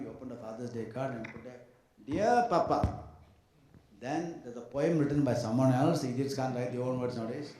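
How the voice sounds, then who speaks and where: A man giving a devotional talk to an audience of devotees, telling anecdotes in an animated way, mimicking other people and adding joking asides. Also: mid-range voice. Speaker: speaker addressing devotees. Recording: echoey hall sound.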